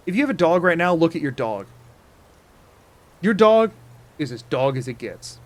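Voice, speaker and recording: Playful rambling male streamer. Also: a little high. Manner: playful, rambling, repetitive wordplay. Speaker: game streamer. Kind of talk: casual live-stream chat.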